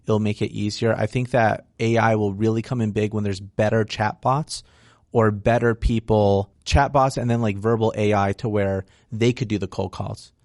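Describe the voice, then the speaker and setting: A man's voice: fairly low pitch, fairly even intonation, normal speed, darkish tone, no room sound, studio quality. A man speaking as a real estate investor guest in a casual interview, frank and explanatory, often tagging "right?" onto his points.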